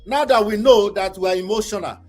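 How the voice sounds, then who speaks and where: A man's voice: sits high, fairly quick, faint music behind. A middle-aged man hosting a panel debate, emotional and pressing with repeated questions. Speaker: host.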